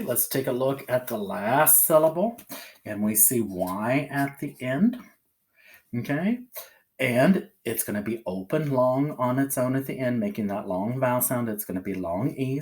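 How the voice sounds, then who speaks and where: A man teaching a children's phonics lesson, sounding out letters slowly and patiently, often checking in with "okay" and "alrighty". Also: mid-range voice, expressive, darkish tone.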